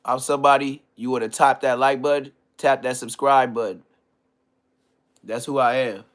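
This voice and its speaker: A man in a middle register rants through a comedic roast on his podcast. He talks in heavy slang and mocks his targets with open contempt. His voice jumps from loud, indignant outbursts to low, dismissive mutters. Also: fairly even intonation, normal speed. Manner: trash-talking, heavy slang, mocking. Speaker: podcast host.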